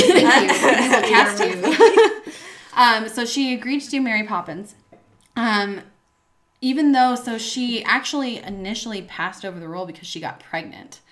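A woman in her thirties talks casually as a podcast host, laying out film trivia with chatty asides. Her voice is bright and forceful. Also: mid-range voice. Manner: informative, chatty, explains facts with asides. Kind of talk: casual chat.

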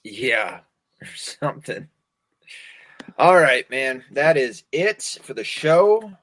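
A man's voice: medium pitch, big pitch swings, slow pace, noisy background. A man hosting a casual show, laughing often and swearing freely as he chats. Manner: laughing, profane, loose banter. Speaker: host. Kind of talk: casual reaction commentary.

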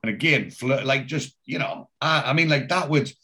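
A man's voice: medium pitch, normal speed. Man animatedly retelling TV scenes. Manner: animated storyteller, slips in and out of quoted lines, swears casually. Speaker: podcast co-host recapping a TV series. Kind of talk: casual chat, retelling scenes with quoted dialogue.

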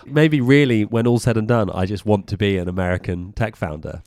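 A man's voice: lowish voice, a little fast, a little mellow, no echo, clean studio sound. A British man co-hosting a podcast, chatting in a jokey way and explaining tech news. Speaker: podcast co-host. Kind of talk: casual tech chat.

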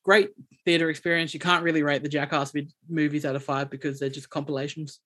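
A man, co-hosting a podcast and telling a story in a rambling, animated way with many restarts. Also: a little high, fast. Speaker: podcast co-host. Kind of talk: casual chat, storytelling.

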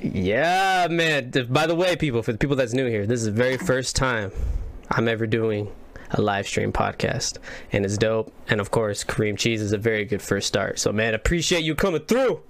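A man's voice: medium pitch, moderate pace. A man hosting a casual gaming podcast, asking questions with laid-back, slangy banter. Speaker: podcast host.

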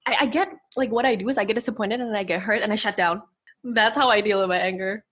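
A woman's voice: a little high, quick pace, a bit bright, breathy edge. A woman in casual, reflective conversation who laughs often. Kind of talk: casual chat.

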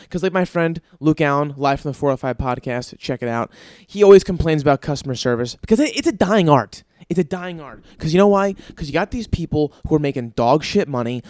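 A man's voice: a little high, a little mellow, dry recording. Profane, exasperated male podcast host. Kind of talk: ranting comedic monologue.

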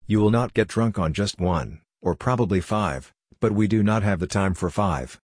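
A man's voice: fairly low pitch, lively intonation, normal speed, darkish tone, slightly rough, no echo, studio quality. A man voicing a tall, thin female police constable with an Indian accent, formal and matter-of-fact, in an audiobook. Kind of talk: audiobook character voice.

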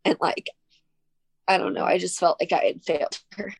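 A young woman, a guest in a personal conversation, speaking softly and tearfully with many "like" fillers. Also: lowish voice, very animated, moderate pace, gravelly, breathy edge, no room sound. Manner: soft-spoken, tearful, frequent "like" fillers.

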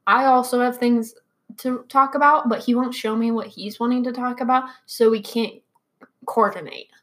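A woman's voice: on the high side, fairly even intonation, moderate pace, a bit bright. A young woman co-hosting a podcast, chatting casually and laughing often. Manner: chatty, laughs often, echoes others' speech. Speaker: podcast co-host. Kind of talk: casual chat.

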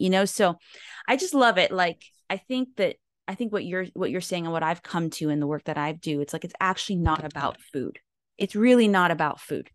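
Chatty woman podcast host, low voice. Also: dry recording, clean studio sound. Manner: chatty, enthusiastic, rambling. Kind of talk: casual interview chat.

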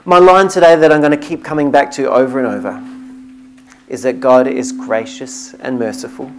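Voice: mid-range voice, gravelly. A preacher delivering a sermon in an earnest, emphatic way, now and then restarting a phrase.

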